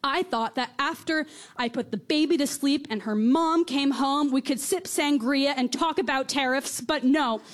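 A teenage girl telling a wry, conversational first-person story on stage, dropping low and soft at reflective moments. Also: normal speed. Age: teens.

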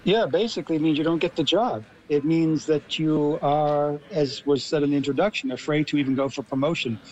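A man's voice: fairly high pitch, brisk, a little mellow, highs cut off. American man explaining on radio. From Los Angeles, USA. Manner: articulate, explanatory. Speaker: guest expert. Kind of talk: radio discussion.

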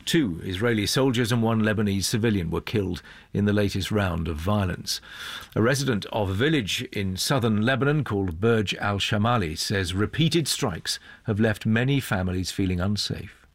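A man hosting a radio news programme, reading scripted links in a measured, formal broadcast style. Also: on the low side, no room sound. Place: radio studio.

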